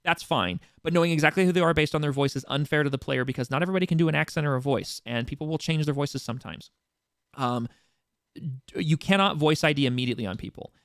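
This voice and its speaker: A man's voice: on the high side, quick pace, fairly bright tone, smooth, dry recording, studio quality. A man hosting a casual community meeting for a roleplay server, rambling through reminders with frequent restarts and fillers. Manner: informal, occasionally swears for emphasis. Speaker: roleplay server staff host.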